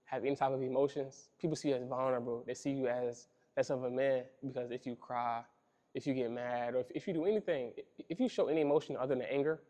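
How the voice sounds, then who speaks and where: A man's voice: medium pitch, mellow. Earnest young man talking casually. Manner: earnest, repeats himself, casual slang like "bro". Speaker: podcast host. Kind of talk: reflective monologue on men's feelings.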